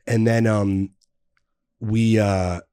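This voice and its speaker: A man with a low-pitched voice recounts a long story on a podcast, loose and rambling, with lots of "um" and "like". The sound is close and dry, with no room around it. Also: steady tone, drawn-out words, dark tone, smooth, no echo. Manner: rambling anecdotes with many fillers. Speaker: guest. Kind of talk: casual storytelling chat. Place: podcast studio.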